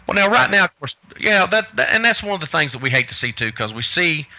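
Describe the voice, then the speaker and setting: A man's voice: a little high, big pitch swings, quick pace, sharp tone, rough recording. A man co-hosting a radio show who tells long, rambling, enthusiastic stories. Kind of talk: casual radio chat.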